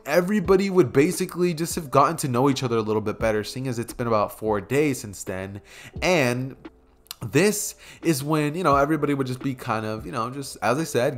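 A young man casually improvising a fan story, rambling with many fillers and chuckling asides, at a desk mic by a keyboard. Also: mid-range voice.

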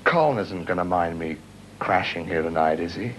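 A man's voice: sits low, normal speed, a little hiss or hum, close to an everyday voice, low-quality recording. An actor playing an earnest, bewildered man who has lost his memory, in a sitcom. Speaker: sitcom character. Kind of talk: 1980s TV sitcom acting.

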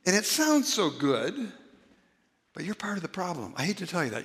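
Bright-voiced pastor preaching in a hall. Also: male voice, huge pitch swings, normal speed, slightly rough. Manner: conversational, dramatizes examples with shifts in pitch and volume. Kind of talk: sermon. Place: church.

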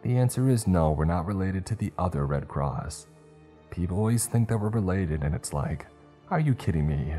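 A man's voice: low-pitched, expressive, moderate pace, dark tone, soft background music, voice pushed up. A man voicing a vain, chatty cult witch who shrieks and hisses at children. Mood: rambling. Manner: hissing, indignant, rambling.

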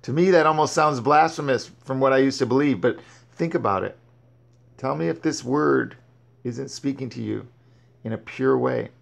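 A man's voice: medium pitch, normal speed, vocal fry. A man reading Bible verses aloud and breaking off to explain and exhort. He often stumbles and restarts his words. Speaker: Bible teacher. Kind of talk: scripture reading with commentary.

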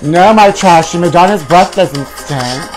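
A man's voice: a little high, a little slow, soft background music, close to an everyday voice. A man playing a flamboyant, self-adoring male gossip show host, rambling dramatically with sighs and groans in a campy comedic monologue. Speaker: parody talk-show host.

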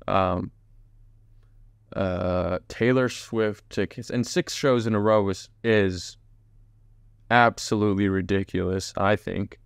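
Man, podcast host, casual solo chat, rambling, low-ish voice, dry close sound. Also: clear, resonant tone, dry recording. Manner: rambling, chatty, jumps between tangents; talks straight to viewers.

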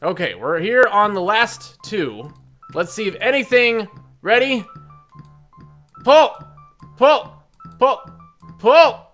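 A man hosting a let's play, joking and breaking into loud excited outbursts as he plays. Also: high-pitched, slow, pauses often, faint music behind. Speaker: gaming video host.

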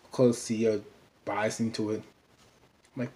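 A man's voice: fairly low pitch, level tone, moderate pace, pauses often, mellow, a little hiss or hum. A man casually recapping a TV episode in a loose, rambling way, filling his talk with "you know.". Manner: chatty, loose, full of "you know" fillers.

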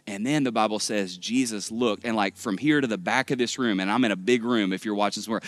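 A male pastor from Texas preaching a sermon to a big church room in a conversational, joking, animated way. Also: fairly low pitch, no echo. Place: large church auditorium.

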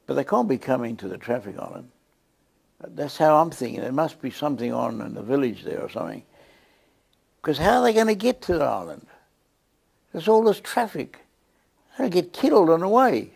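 Man, South African accent, gravelly voice, fairly high pitch, lively church storytelling. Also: normal speed, long pauses. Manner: lively storyteller acting out scenes. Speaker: guest preacher. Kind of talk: storytelling testimony.

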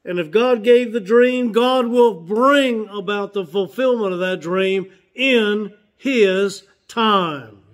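A pastor in his sixties delivers a sermon in a notably high voice for a man. He speaks earnestly and stretches out and repeats his key phrases for weight. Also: slow, few pauses.

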